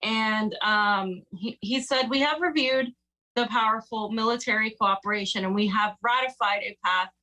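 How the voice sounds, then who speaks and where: A woman's voice: mid-range voice, bright, forceful tone, poor audio. A woman co-hosting a casual news commentary show, chatty and sarcastic, with many fillers. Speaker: co-host.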